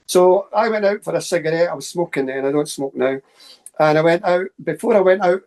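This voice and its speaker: A Scottish man spins rapid, chatty anecdotes as an interview guest. He talks quickly and throws in plenty of asides. His voice sits a little above the usual male pitch. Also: gravelly. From Scotland. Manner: fast, animated anecdotes with asides. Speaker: guest, paranormal researcher. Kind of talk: casual storytelling interview.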